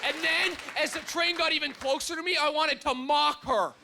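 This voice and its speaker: A young male stand-up comedian performs a dark set on a comedy club stage with a handheld mic, his voice very high for a man. His delivery is wry and punchy, with fairly even intonation at a moderate pace. The live audience and club noise are clearly audible in the background.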